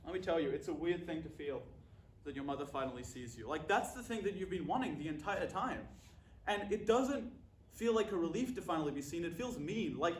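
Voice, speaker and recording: A man delivering a scripted comic monologue in a dry, deadpan way. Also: a little high, fairly quick, echoey room, slight background noise.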